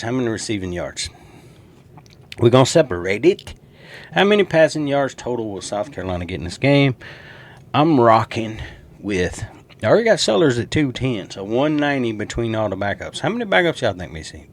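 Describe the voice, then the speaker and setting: A man with a Southern accent, hosting a casual football prediction show and talking to viewers in an animated, joking way. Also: medium pitch, moderate pace. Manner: animated, jokey, talks straight to viewers. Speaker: sports show host. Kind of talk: casual sports prediction talk.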